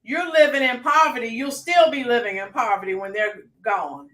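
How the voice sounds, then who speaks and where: A woman's voice: a little high, normal speed, a bit bright, echoey room. A woman hosting a casual political livestream, getting fired up and talking to her chat by name. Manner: fired-up, talks back to live chat by name. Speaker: livestream host.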